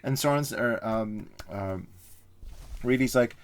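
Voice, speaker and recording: A man's voice: fairly low pitch, moderate pace. A man giving a casual spoken book review, rambling with frequent fillers and restarts.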